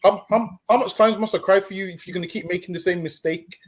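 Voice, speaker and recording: A man's voice: high voice, fairly even intonation, fast talker, faint music behind. A man talking on a stream, preaching and lecturing, often stumbling over repeated words and saying "listen, man.". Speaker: street preacher co-host. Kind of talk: stream discussion.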